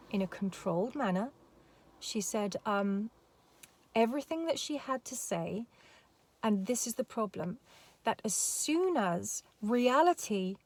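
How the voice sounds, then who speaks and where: A woman giving a rambling casual commentary with emphatic repetitions. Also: mid-range voice. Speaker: commentary vlogger.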